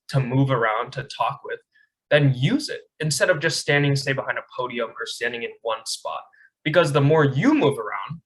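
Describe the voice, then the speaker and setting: A man's voice: mid-range voice, a bit bright, low-quality recording. A young man teaching a public speaking class over a video call, casual and chatty, often checking in with "right?". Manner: casual, frequent "right?" check-ins and fillers. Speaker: speech coach. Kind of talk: online class lecture.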